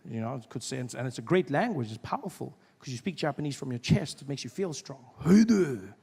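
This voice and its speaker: A young man from Africa, performing an animated stand-up routine in a live venue and breaking into shouted voices. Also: medium pitch, fast, gravelly, big-room sound, slight background noise. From South Africa. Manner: animated, acts out voices with sudden shouts and laughs. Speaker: stand-up comedian. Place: live comedy venue with audience.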